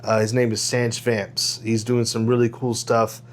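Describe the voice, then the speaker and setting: Male podcast host, mid-pitched, rambling and chuckling, faint hum behind. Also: level tone, measured pace. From Houston, Texas. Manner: rambling, self-correcting storyteller who laughs often. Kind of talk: casual podcast chat.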